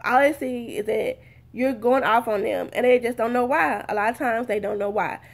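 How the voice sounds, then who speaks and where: Earnest woman vlogger, slightly high voice. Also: normal speed, gravelly. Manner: earnest, repetitive, addresses viewers as "you guys"; acts out heated and calm exchanges. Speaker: vlogger giving advice. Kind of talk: casual talk to camera.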